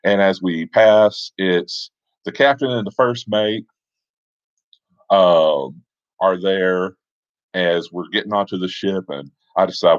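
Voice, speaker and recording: A man with a very low voice recounts a tabletop adventure in a loose, conversational way, trailing off into asides. The sound is dry and a bit dull, with no room around him. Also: takes it slowly, pauses often, dry recording. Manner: relaxed, conversational, with fillers and asides. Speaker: storyteller. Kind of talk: casual spoken storytelling.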